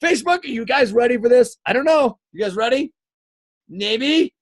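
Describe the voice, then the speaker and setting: A male fitness coach giving an energetic live coaching talk, emphatic and repetitive, often checking in with "okay?". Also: very high voice, brisk. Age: adult, married eighteen years.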